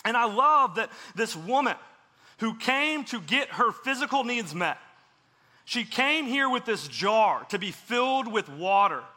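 A man's voice: extremely high pitch, animated, measured pace, sharp tone. A man giving a casual, earnest sermon as a pastor, speaking in an easygoing way with many fillers. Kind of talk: conversational sermon. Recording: long hall reverb.

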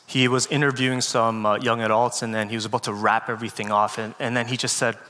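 A man giving a guest sermon, telling a personal story in an earnest, halting way with many fillers, close to tears. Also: medium pitch, flat delivery. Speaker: guest speaker. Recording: long hall reverb with loud music.

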